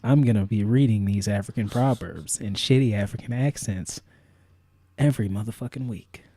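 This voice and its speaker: A man co-hosts a podcast in a voice on the low side at a moderate pace. The chat is casual and animated, and he jokes and swears freely.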